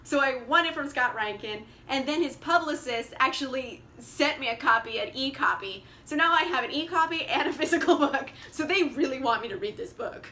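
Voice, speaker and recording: A woman's voice: high-pitched, lively intonation, a little fast, hardly any pauses, pushed and bright. A young woman chatting casually about her reading plans, bubbly, laughing often and saying like a lot. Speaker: book vlogger. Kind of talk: casual chat.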